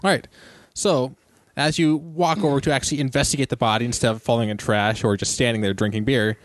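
A man narrating as game master of a tabletop game, talking haltingly with many pauses and restarts. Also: medium pitch, steady tone, dry recording, studio quality.

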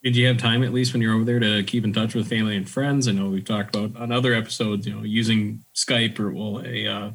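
Podcast host, low husky voice, easygoing questioner. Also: male voice, flat delivery, quick pace, hardly any pauses, fairly bright tone, poor audio. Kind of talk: casual interview questions.

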